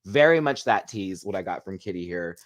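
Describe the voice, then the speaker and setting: A man's voice: low voice, animated, brisk. A man hosting a casual show recap, chatty and gossipy, laughing often as he talks. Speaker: host.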